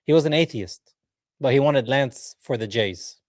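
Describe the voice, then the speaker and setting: A man hosting a reaction video, commenting in an animated, mocking way, laughing and talking straight to his viewers. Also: medium pitch, normal speed, no room sound, clean studio sound. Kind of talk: reaction commentary over a played clip.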